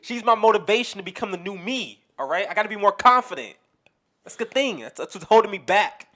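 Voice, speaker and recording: A man voicing an overexcited young guy chasing a summer crush, loud and laughing. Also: high-pitched, lively intonation, extremely slow, voice pushed up, exaggerated voice. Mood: hyped.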